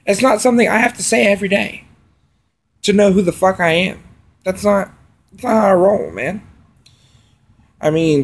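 Gravelly-voiced male vlogger, mid-pitched, cursing through an agitated late-night rant. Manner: profane, agitated ranting with loud and quiet swings.

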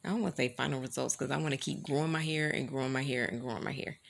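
A woman's voice: very deep voice, steady tone, rapid-fire, creaky. A woman vlogger chatting casually to her camera, rambling and calling her viewers y'all.

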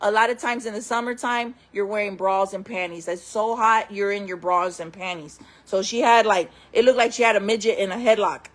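A woman's voice: mid-range voice, steady tone, fairly quick, few pauses. A woman telling her own stories to camera in casual, candid talk, often calling her viewers friends. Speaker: storyteller host.

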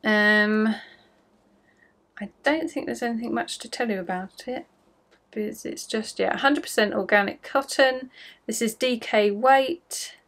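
A woman's voice: fairly high pitch, unhurried, fairly bright tone. Chatty woman rambling about yarn. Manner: chatty and rambling, self-mocking. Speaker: craft podcast host. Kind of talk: casual chat to camera.

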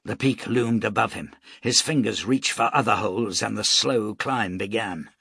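A man reading an action novel aloud as an audiobook narrator, steady and dramatic. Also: fairly low pitch, measured pace, vocal fry, breathy edge, no room sound, clean studio sound. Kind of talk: scripted narration.

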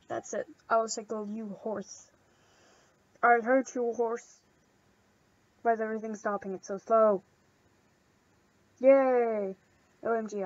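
A woman hosting a casual gameplay video. She rambles, gushes and gets excitable while thanking friends for gifts. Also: fairly high pitch, dry recording, lo-fi sound. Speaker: channel host.

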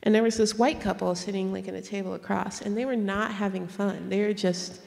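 A woman author in a stage conversation, telling stories in an animated way, laughing and acting out the people she quotes. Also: medium pitch, fairly quick, gravelly. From United States. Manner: animated, laughing storyteller who acts out quotes. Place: auditorium stage. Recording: long hall reverb from a public event.

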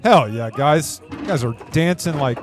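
A man giving casual reaction commentary over a film, excitable and swearing freely. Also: fairly high pitch, a little slow. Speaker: YouTuber reacting to a video. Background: movie soundtrack music playing.

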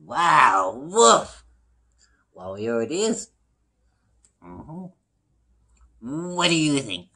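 A man's voice: mid-range voice, very animated, extremely slow, long pauses, pushed and bright. A man in a casual unboxing vlog, playfully speaking in a pup persona and dropping a barked "woof" between his sentences. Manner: punctuates talk with barked woofs. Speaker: vlogger.

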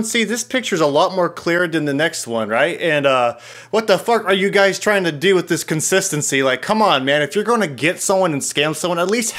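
A man's voice: a little high, a bit bright. A young man giving casual, mocking commentary on dating profiles, laughing often as he reads them out. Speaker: YouTuber reviewing dating profiles.

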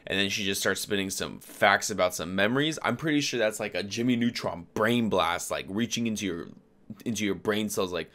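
Slangy young man reacting, bright voice. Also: on the low side, fairly quick. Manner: slangy, profane, laughing at what he watches. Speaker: anime reaction host. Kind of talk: live reaction commentary.

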